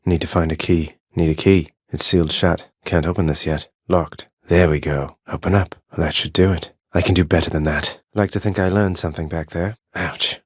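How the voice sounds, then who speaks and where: Brief: a young underworld prince for a game, earnest and wryly teasing, very low voice, bone-dry studio sound. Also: male voice, steady tone, normal speed, hardly any pauses, breathy edge, no room sound. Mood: terse. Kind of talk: video game voice acting. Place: studio booth.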